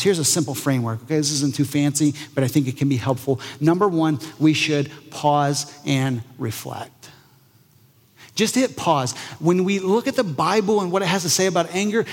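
A pastor preaches a sermon to his congregation in a casual, conversational manner, shifting into lively voices whenever he quotes someone. His voice is slightly high for a man, and a long reverb follows his words as though in a large hall.

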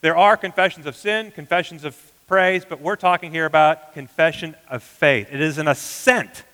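A man preaching a sermon as pastor, earnest, often dropping to a hushed emphasis. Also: a little high, moderate pace, in a large hall, low-quality recording.

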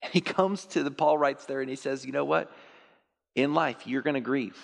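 A male pastor preaching a sermon to his church, animated, sometimes mimicking churchgoers in high put-on voices. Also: moderate pace, creaky. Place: church sanctuary. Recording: long reverb of a large hall.

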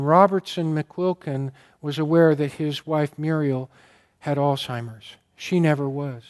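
In a sermon to his congregation, a fairly high-voiced male pastor tells stories with heartfelt earnestness, occasionally choking up from emotion. He stresses key words as his delivery rises and sinks.

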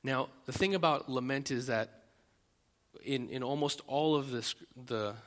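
A man, a pastor, preaching a sermon, swinging from loud emphatic lines to quiet, intimate asides. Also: medium pitch, unhurried. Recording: long reverb of a large hall.

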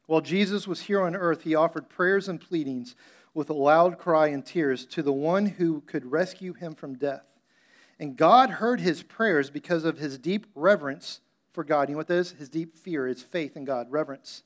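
A male pastor preaches a sermon. He talks conversationally and slips into little acted voices for the scenes he retells. His voice sits a touch high for a man. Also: moderate pace.

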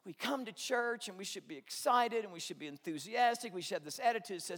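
A male pastor preaching a sermon, telling stories in an animated way and acting out both sides of the conversations. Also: high voice, fast talker. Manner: animated storytelling, acts out both sides of dialogues. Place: church sanctuary. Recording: long hall reverb.

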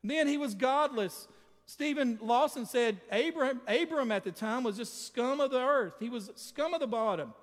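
A man's voice: extremely high pitch, lively intonation, normal speed, long reverb tail. A man preaching a sermon, emphatic and speaking straight to his congregation. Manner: emphatic, addresses the congregation directly.

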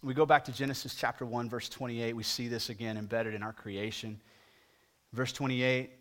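Animated storytelling preacher, man. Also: medium pitch, normal speed. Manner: animated, swings between loud emphasis and soft hush; conversational, asks the congregation questions. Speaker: pastor. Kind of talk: storytelling sermon.

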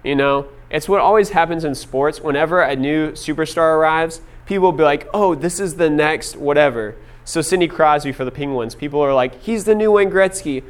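A man's voice: fairly high pitch, brisk, hardly any pauses, clear, resonant tone. A young man preaching a casual sermon, telling stories with lots of filler words. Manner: casual storytelling with many fillers. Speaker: pastor.

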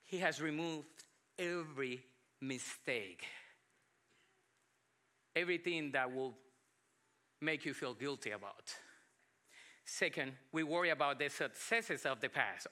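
Bright-voiced Colombian pastor preaching. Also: male voice, a little high. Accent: Colombian Spanish, with South Texas English. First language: Spanish. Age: 40s. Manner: emphatic preaching with pauses, drops to soft asides. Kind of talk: sermon.

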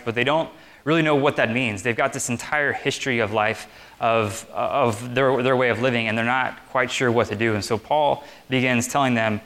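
A man's voice: medium pitch, normal speed. Chatty young man giving a casual sermon. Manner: conversational, relaxed and chatty, with many fillers. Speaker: preacher. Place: meeting room with chairs.

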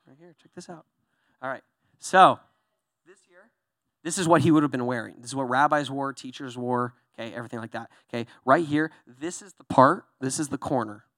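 In a dry, studio-quality recording, a young adult man preaches a conversational sermon at a brisk pace with a medium-pitched voice. An animated storyteller, he gives voices to the Bible characters and keeps checking in with "right?" and "okay?"

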